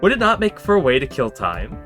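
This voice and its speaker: A man's voice: a little high, wildly swooping pitch, brisk, a bit bright, soft background music, voice pushed up. A man voicing a prim, formal female messenger who teases politely, in a game read-through. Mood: formal teasing. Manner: courtly, formal diction.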